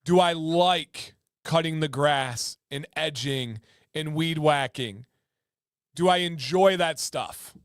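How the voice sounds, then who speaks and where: Emphatic guy hosting a livestream, repeats himself for effect, slightly high voice, dry close sound. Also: takes it slowly, clear, resonant tone, dry recording. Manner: emphatic, repeats words for stress. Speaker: livestream host. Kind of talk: casual livestream chat.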